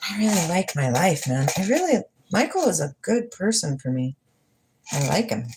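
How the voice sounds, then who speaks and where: A woman's voice: on the low side, big pitch swings, moderate pace, noisy background. A woman in her forties hosting a livestream, chatting in a rambling, dreamy and playful way and answering viewers' comments. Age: 40s. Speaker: livestream host. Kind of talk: casual chat with live chat.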